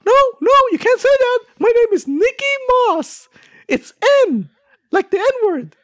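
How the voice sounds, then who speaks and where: A man voicing a sassy young woman who reports on theme parks, in a squeaky voice with snippy comebacks. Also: sing-song, a little slow, exaggerated voice. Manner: rude, snippy comebacks, giggly.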